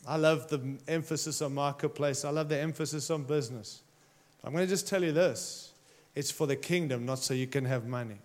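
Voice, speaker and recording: Pastor, male, preaching an emphatic, passionate sermon in a slightly higher voice. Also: fairly quick. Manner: impassioned, emphatic preaching with direct challenges to listeners.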